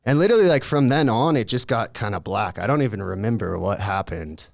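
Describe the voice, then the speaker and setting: A young man tells a wild story in a loose, rambling way, with plenty of filler words and swearing. His voice is low and gravelly. The recording is dry and close. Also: animated, brisk, dry recording. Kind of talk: casual storytelling.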